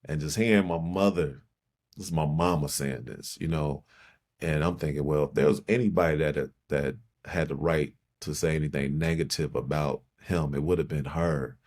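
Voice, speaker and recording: Podcast guest: middle-aged Chicago man, very low voice, reflective and halting, repeats phrases. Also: darkish tone. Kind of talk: personal storytelling in conversation.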